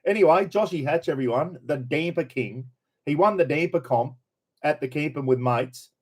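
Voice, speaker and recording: A man's voice: fairly high pitch, normal speed, a little mellow. Chatty Australian man greeting his viewers. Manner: chatty, greets viewers by name, swears casually. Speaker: host of a live stream. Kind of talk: casual live-stream chat.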